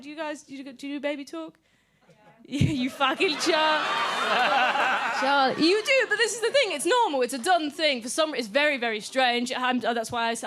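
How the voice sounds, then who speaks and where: A woman's voice: high voice, fairly bright tone, a little hiss or hum. A woman doing stand-up crowd work at a comedy club, bantering with the audience and swearing freely.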